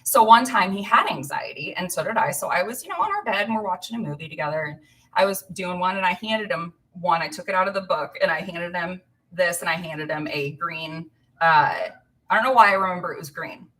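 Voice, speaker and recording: A woman's voice: on the low side, lively intonation, a little fast, fairly bright tone. A woman in her thirties, from Illinois, filling in as host of a casual live stream, chatting and rambling to viewers with frequent laughs. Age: 30s. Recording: voice a bit far from the mic.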